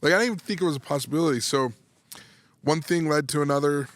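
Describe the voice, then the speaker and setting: Animated man telling a long story. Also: fairly high pitch, quick pace, slight background noise. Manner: animated, restarts phrases, acts out quoted dialogue. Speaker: guest, sports psychology coach. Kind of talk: casual storytelling in a podcast interview.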